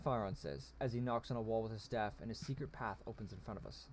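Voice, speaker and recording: A man's voice: lowish voice, quick pace, slight background noise. Man casually reading a story game. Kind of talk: narrating a text adventure.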